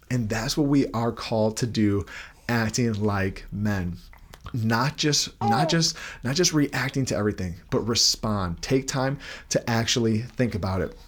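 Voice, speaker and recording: Speaking at a measured pace in a lowish voice, this father and Christian men's podcast host holds his little boy while talking to other men. The devotional is relaxed and conversational, packed with rhetorical questions.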